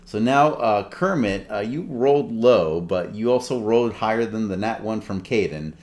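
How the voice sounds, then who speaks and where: A man narrating as game master in a relaxed, filler-heavy way. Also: fairly low pitch, normal speed. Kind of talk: running a tabletop game.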